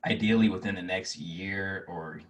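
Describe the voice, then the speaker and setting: A man in his twenties speaks as an interview guest in a very low, deep voice. He sits back from the microphone and talks in a loose, rambling way, with plenty of fillers and restarts. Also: normal speed, fairly bright tone, distant mic. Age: 20s. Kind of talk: casual interview chat.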